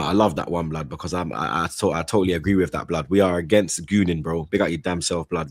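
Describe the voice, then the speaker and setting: A man with a fairly low voice talks football in a slangy, rambling way, peppering every line with shout-outs and "you get me". The sound is close and dry. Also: a little fast, few pauses, no room sound. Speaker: football stream co-host. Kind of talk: casual chat, reading out super chats.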